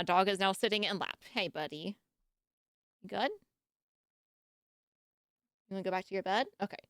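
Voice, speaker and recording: A woman's voice: mid-range voice, fairly bright tone, clean tone, no room sound, clean studio sound. A woman streamer reacting live in a casual, laughing way, cooing at her dog between comments.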